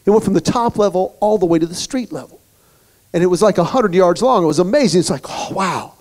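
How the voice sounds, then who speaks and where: A man giving a humorous motivational speech, telling stories in an animated way to a luncheon crowd in a banquet hall. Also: high voice, fast. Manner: storytelling, animated. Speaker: guest speaker.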